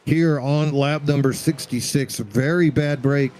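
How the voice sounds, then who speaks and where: A man's voice: fairly high pitch, fairly even intonation, measured pace, a little mellow, slight background noise, poor audio. A man doing play-by-play commentary on a sim racing broadcast, joking and bantering with his co-host.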